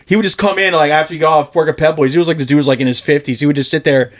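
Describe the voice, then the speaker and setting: A man spinning a loose, profanity-laced story in casual podcast chat, breaking into laughter along the way. His voice sits a little higher than most men's. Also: steady tone, racing.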